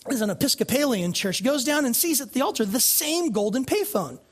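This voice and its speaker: Husky-voiced preacher. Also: male voice, very high-pitched, big pitch swings, brisk. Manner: conversational, storytelling, rhetorical questions. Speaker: pastor. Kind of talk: sermon. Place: church sanctuary.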